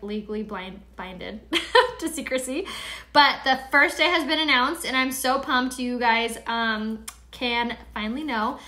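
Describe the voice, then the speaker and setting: A woman's voice: a little high, pushed and bright. A woman from San Diego, chatting in a rambling way to viewers as she streams a casual live makeup tutorial. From San Diego, California. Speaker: beauty product seller and live-streamer.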